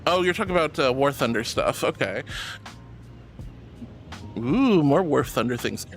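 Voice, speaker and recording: A woman streamer in casual chat who warmly and effusively greets her viewers by name and thanks them. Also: extremely low pitch, lively intonation, measured pace, faint music behind.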